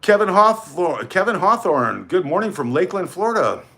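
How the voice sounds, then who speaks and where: A man's voice: high-pitched, big pitch swings, normal speed, a bit bright. A man hosting a casual livestream, rambling and greeting viewers by name as he reads out their comments. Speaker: livestream host.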